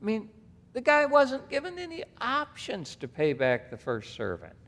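A man's voice: very high voice, huge pitch swings, normal speed, a bit bright. A man preaching a sermon as pastor, reading scripture aloud and breaking off into emphatic asides. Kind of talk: expository sermon. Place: church sanctuary. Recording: long hall reverb.

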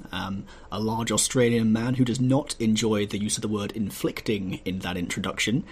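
Give me a deadpan man with a husky, slightly rough voice chatting casually about his tabletop character, unhurried and dry. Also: lowish voice. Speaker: player. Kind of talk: casual tabletop podcast chat.

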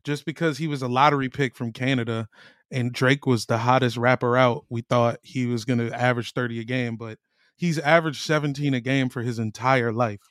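A man co-hosting a casual basketball podcast, joking and telling stories with animated energy. His voice sits in the middle range for a man. The recording is close and dry, with no room sound. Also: mid-range voice, brisk, no echo. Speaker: podcast co-host. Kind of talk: casual chat.

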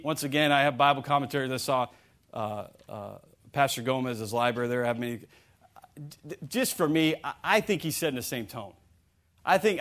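A man preaching a sermon in an animated way, often stammering and restarting, and acting out the voices of the people he quotes. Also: medium pitch.

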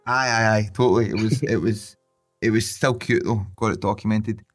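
스코틀랜드 억양의 남자, 욕설 섞인 수다. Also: male voice, lowish voice, normal speed, faint music behind. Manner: sweary, laughing, animated storytelling. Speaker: podcast co-host. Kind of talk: casual chat.

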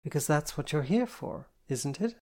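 A reader voicing Jen, a stern, teasing woman disciplinarian who talks in a brisk, bossy, mockingly patient way. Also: medium pitch, animated, darkish tone, pitched above the performer's own voice, natural voice. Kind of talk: audiobook character voice.

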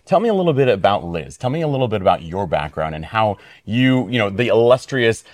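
A man's voice: on the low side, very animated, fairly quick. A man hosting an interview, asking long, rambling questions and praising his guest effusively. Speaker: podcast host, interviewer. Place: venue hall.

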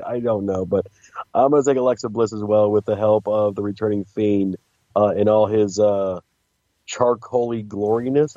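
A man co-hosts a casual wrestling podcast, rambling and joking as he goes. His voice is mellow and dark. The recording sounds dry and slightly dull. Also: medium pitch, dry recording. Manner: joking, rambling with restarts and giggles. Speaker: podcast co-host.

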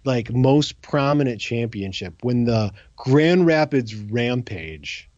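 A man's voice: mid-range voice, slow, no room sound, highs cut off. A man co-hosting a casual podcast, joking and ranting about sports. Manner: animated, jokey rants. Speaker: podcast co-host. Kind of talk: casual chat.

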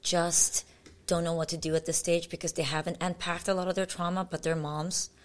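A woman hosts a sit-down interview, her voice a little low. She asks her questions in a calm, measured way. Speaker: host.

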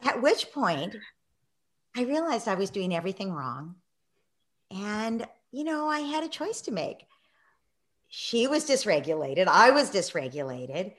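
Animated woman telling a lively story. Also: mid-range voice, measured pace. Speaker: guest, parenting author. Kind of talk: storytelling in a conversation.

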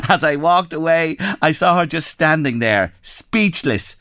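Irish male radio host, reads messages with a very animated, bouncy delivery, dead dry studio mic. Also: on the high side, measured pace, no room sound. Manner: lively storytelling, animated when reading. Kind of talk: casual radio chat, reading listener messages.

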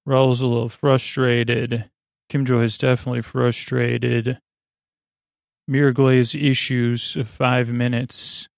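Slow, gravelly man recapping drowsily. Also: mid-range voice, flat delivery, no echo, clean studio sound. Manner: meandering, frequent self-corrections and filler words. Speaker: podcast host. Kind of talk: rambling sleep-podcast episode recap.

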